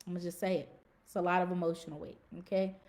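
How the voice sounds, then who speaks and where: A woman's voice: fairly low pitch, steady tone, rapid-fire, a little mellow. A woman hosting a fitness podcast, talking casually and emphatically to her listeners, repeating key phrases and using folksy slang. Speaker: podcast host and fitness coach. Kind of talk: casual motivational talk to a live audience.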